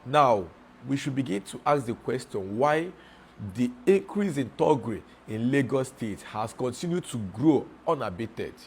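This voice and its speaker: A man's voice: medium pitch, slight background noise. A man giving emphatic political commentary.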